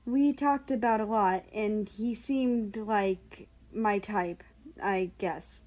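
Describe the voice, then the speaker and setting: A woman reading as a glum young man who rambles on in a self-deprecating way. The voice is slow and drawn out, in an audiobook character read. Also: medium pitch, a little mellow, natural voice. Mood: rambling.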